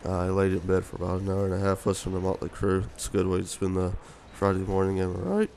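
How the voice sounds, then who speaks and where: A man's voice: low voice, monotone, fast, darkish tone, slight background noise. A young man giving casual, rambling commentary over gameplay, sleepy from just waking up, with many fillers. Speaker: gaming video commentator.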